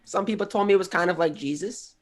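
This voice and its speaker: Deadpan man telling a stand-up story. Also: high-pitched, fast talker. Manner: deadpan storyteller, self-deprecating. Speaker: stand-up comedian. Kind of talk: stand-up set at an online open mic.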